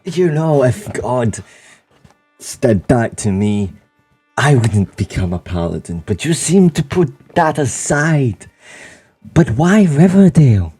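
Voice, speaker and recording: A man's voice: mid-range voice, big pitch swings, slow pace, dark tone, breathy edge, soft background music, pitched above the performer's own voice, full character voice. A man voicing a chatty, very old male paladin who rambles and chuckles in a tabletop game. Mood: jovial.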